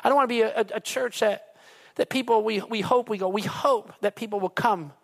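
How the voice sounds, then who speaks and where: Pastor, sermon, gravelly voice, mid pitch, emphatic, repeats phrases. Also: fairly quick. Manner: talks straight to the congregation.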